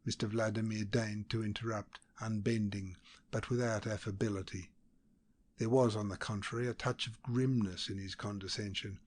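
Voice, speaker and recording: Low-voiced male audiobook narrator. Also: little pitch movement, normal speed. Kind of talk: scripted narration of a classic novel.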